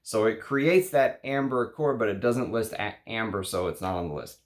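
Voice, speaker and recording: A man's voice: lowish voice, moderate pace. A man talking casually to his viewers about perfumes, chatty and emphatic, with frequent fillers and restarts. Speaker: fragrance reviewer. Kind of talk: casual perfume review monologue.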